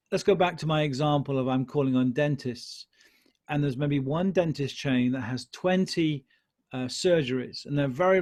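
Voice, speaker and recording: In a live online Q&A lesson, a male sales trainer encourages his audience and keeps repeating his key phrases. His voice sits a little high with a darkish tone.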